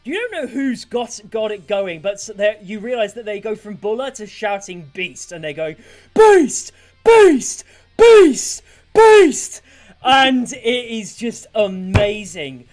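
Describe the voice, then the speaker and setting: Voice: medium pitch, animated, normal speed, few pauses. A game master narrating a tabletop fight in vivid, gory detail over faint background music.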